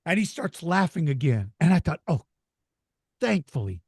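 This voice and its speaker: A man telling lively stories as an interview guest, laughing easily and acting out excited children. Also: a little high, normal speed, breathy edge, no room sound, clean studio sound. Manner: animated storyteller, laughs easily, voices excited kids. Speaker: interview guest, dinosaur educator. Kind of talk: storytelling in a casual interview.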